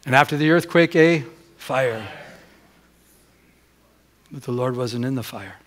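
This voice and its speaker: A man preaching a sermon as pastor, putting questions to the congregation and moving between loud and hushed delivery. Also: medium pitch. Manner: asks the congregation rhetorical questions. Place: church during a Sunday service.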